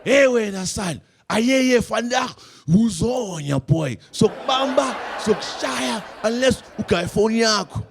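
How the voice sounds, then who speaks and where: A man voicing a rowdy young street robber who shouts slang, hyped up. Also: high-pitched, expressive, a little slow, vocal fry, noisy background, voice pushed up, exaggerated voice.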